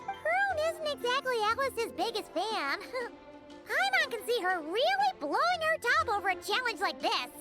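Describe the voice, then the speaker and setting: Paimon, a squeaky excitable fairy girl. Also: unhurried, over loud music, exaggerated voice. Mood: teasing. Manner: talks of herself in third person, bubbly. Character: tiny floating girl companion, chatty and excitable. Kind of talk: video game voice acting.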